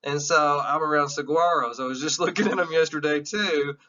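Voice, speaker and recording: A man's voice: a little high, a little fast, bright, forceful tone, distant mic, dull audio. A man giving an emotional, earnest classroom lecture, candid and sometimes swearing. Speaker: teacher.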